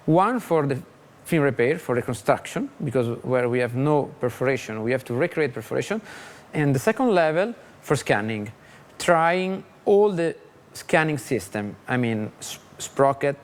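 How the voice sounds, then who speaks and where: A man with an Italian accent recalls restoration work in an interview. He speaks haltingly, with lots of fillers, at a mid pitch. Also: expressive. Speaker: film restorer. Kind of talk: interview recollection.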